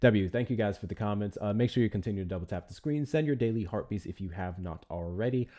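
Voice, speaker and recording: A man with a deep voice hosts a casual livestream and talks straight to his viewers. He rambles loosely, drops swear words, and moves from one thought to the next without much plan. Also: quick pace, dark tone. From United States. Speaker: livestream host.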